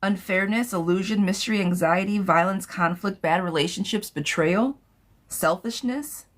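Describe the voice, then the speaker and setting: A woman with a medium-pitched voice speaks at a normal speed. She's doing live tarot readings, reading viewers' questions aloud and answering them bluntly and chattily in casual live-stream talk.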